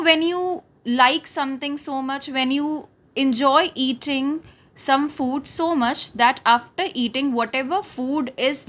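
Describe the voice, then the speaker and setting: A woman's voice: sits high, a bit bright. A woman teaching young children. She reads a textbook story aloud and explains it, asking questions and then answering them in a sing-song way.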